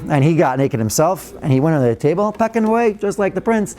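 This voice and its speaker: Male rabbi, mellow slightly high voice, animated storytelling Torah lecturer. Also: fairly quick, hardly any pauses. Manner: animated storyteller, acts out quoted lines, mixes in Hebrew and Yiddish terms. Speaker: rabbi teaching a weekly class.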